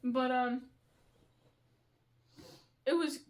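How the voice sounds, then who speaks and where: A woman's voice: high-pitched, steady tone, drawn-out words. A young woman hosting a casual chat, telling a school story in a chatty way, swearing and laughing often. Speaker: vlogger host.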